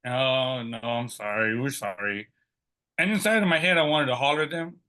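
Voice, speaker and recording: Brief: middle-aged man, guest storyteller, bright and forceful tone, acts out what others said. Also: mid-range voice, moderate pace. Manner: lively, acts out quoted dialogue. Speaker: podcast guest. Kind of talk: personal storytelling.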